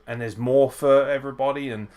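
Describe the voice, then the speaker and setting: Brisk and steady, with a medium pitch and a slightly mellow tone, this wrestling podcaster chats through a live watchalong. He's had a few drinks, swears often, and greets viewers as he reacts.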